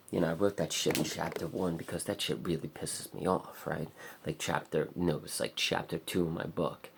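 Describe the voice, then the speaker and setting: A man's voice: sits low, vocal fry, slight background noise. A young man in a raw personal vlog, rambling and swearing in frustration. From America. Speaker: vlogger.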